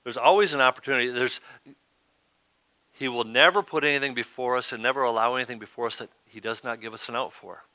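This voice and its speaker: A man's voice: medium pitch, fast talker, bright, forceful tone, no echo. A man preaching a sermon as pastor, talking in a conversational way and often asking "right?".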